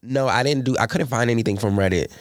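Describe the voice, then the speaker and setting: A man hosting a casual podcast, telling animated, profane stories with loud exclamations. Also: medium pitch, fast, dry recording. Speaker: podcast host. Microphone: studio mic.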